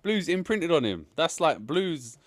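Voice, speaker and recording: A man's voice: on the high side, very animated, measured pace, no room sound, clean studio sound. A man defending a film in a casual, heated chat, exasperated and swearing.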